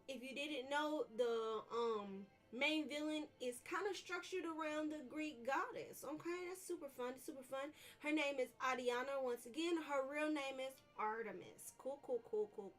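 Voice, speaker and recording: A woman's voice: sits high, a bit bright, recorded from a distance. A woman live-streaming a video game, chatting casually and bubbly, repeating her phrases as she greets viewers. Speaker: livestreamer.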